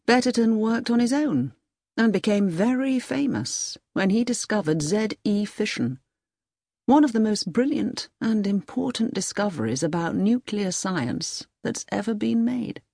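Expressive woman reading an audiobook. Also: medium pitch, a little slow, no echo, clean studio sound. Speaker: narrator.

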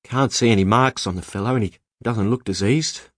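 Blunt lighthouse keeper bloke, narrator doing him, plain talk, deep dry voice. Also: male voice, fairly quick, no echo, natural voice. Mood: steady. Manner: plain-spoken, slangy, shouts in alarm. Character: tall young lighthouse keeper, blunt and practical. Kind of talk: audiobook character voice.

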